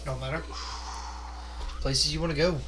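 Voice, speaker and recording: A man's voice: fairly high pitch, fairly even intonation, normal speed. A young man co-hosting a podcast in a crude, joking, swear-heavy casual chat, with mains hum behind. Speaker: podcast co-host.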